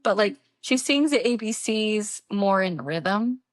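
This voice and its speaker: A woman's voice: mid-range voice, lively intonation, takes it slowly, dry recording, clean studio sound. A young woman co-hosting a podcast, chatting casually and laughing as she tells stories. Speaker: podcast co-host. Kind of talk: casual chat.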